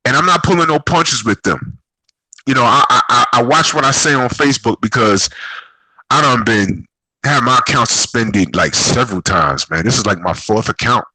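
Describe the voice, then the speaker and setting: A man's voice: medium pitch, lively intonation, moderate pace, sharp tone, husky, dry recording, low-quality recording. A man giving an angry, profane, heated vlog rant. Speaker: boxing vlogger.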